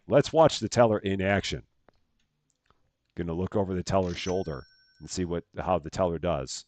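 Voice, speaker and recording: A man's voice: low-pitched, animated, moderate pace, a little mellow, no echo. A man chatting casually as he live-streams a game at home, thanking viewers by name and laughing at himself. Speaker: streamer playing a bank simulator game.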